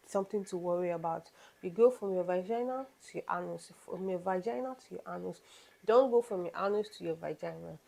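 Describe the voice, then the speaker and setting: A woman's voice: on the low side, gravelly, warm tone, poor audio. A young woman vlogger giving hygiene advice to camera, frank and emphatic, scolding like a big sister and repeating her points. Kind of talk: casual advice chat to camera.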